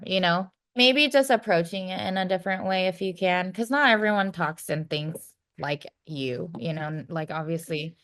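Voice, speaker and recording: A woman in her thirties talks frankly as a podcast guest, her voice sitting a little low for a woman. She gives advice in a loose, conversational way, leaning on "you know" and "like.". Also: moderate pace, hardly any pauses, fairly bright tone. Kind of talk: casual advice chat.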